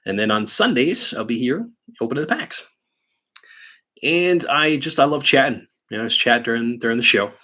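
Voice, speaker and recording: A man's voice: mid-range voice, lively intonation, moderate pace, sharp tone. A man from New York hosting a live card-break stream, chatting casually and thinking aloud while he opens packs. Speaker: livestream card-break host. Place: indoor card-break studio.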